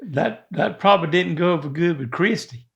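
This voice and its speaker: An older man, chatting casually with his son in a slow, drawling way and stumbling over words. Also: on the high side, creaky, a bit bright, lo-fi sound. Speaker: co-host, father of the host. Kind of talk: casual family chat.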